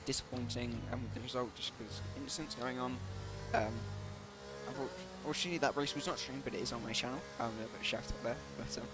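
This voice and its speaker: A man's voice: mid-range voice, fairly even intonation, fast, over loud music. Hesitant man commentating a sim race. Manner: hesitant, full of ums and self-corrections. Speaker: league race commentator and streamer. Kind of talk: live race commentary on a stream.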